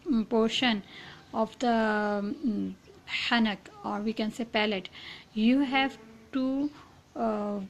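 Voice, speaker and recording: A woman's voice: on the high side, fairly even intonation. Patient woman teaching letter sounds. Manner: slow and patient, demonstrating sounds with repeated syllables; many fillers and restarts, often saying inshallah. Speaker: Quran pronunciation teacher. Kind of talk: online lesson on Arabic letter pronunciation.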